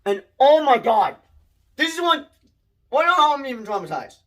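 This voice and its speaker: A young man giving a casual spoiler movie review, rambling and excitable, with many restarts and mild swearing. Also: very high-pitched, normal speed.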